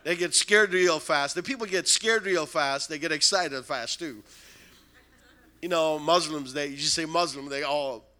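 Male preacher, storytelling sermon, high and bright voice, animated, broken-English phrasing. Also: measured pace.

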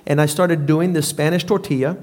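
High-voiced, emphatic male preacher. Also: fairly even intonation, a little fast, darkish tone. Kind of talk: sermon.

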